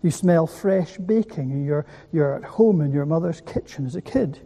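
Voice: medium pitch, moderate pace, warm tone. A preacher giving a sermon who asks the listeners rhetorical questions and repeats key words for weight. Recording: echoey hall.

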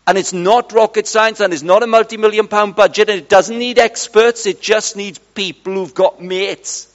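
Middle-aged male preacher, high-pitched and animated, storytelling sermon; dull recording in a reverberant hall. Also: normal speed. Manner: lively, chatty, acts out dialogue with friends.

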